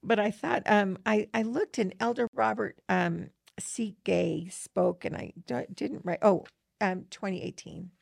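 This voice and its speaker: A woman's voice: mid-range voice, measured pace, vocal fry, no room sound, clean studio sound. A middle-aged woman co-hosting a scripture study podcast, talking earnestly and reading verses aloud. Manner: earnest and enthusiastic, with frequent fillers.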